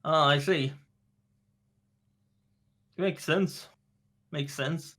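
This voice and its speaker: A man playing a tabletop game, chatting casually with quick interjections. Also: fairly high pitch, fairly even intonation, sharp tone. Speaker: player.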